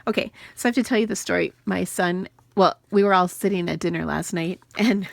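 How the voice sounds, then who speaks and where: A woman's voice: lowish voice, a little fast, gravelly, no room sound. A woman in her forties hosting a casual card-making tutorial, chatting and telling rambling family stories with laughing asides as she works. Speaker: card-making channel host.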